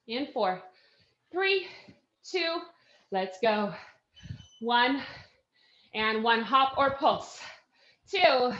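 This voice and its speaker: A woman's voice: fairly high pitch, fairly bright tone, reverberant, highs cut off. Breathless upbeat woman coaching a workout. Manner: upbeat counting and cheering. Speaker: fitness instructor. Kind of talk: live workout class coaching.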